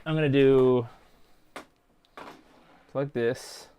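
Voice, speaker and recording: A man's voice: mid-range voice, steady tone, very slow, clean tone. Man muttering while he solders. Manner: mutters to himself, thinks aloud while working; quiet and offhand, jokey asides. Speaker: streamer. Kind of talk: casual live-stream commentary while soldering.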